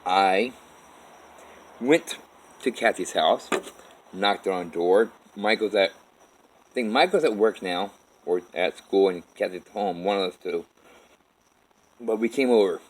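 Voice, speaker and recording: A man telling his own life story in a halting, rambling way, with many restarts. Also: deep voice, noisy background. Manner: halting, with restarts and repeated "all of a sudden". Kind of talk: rambling first-person storytelling.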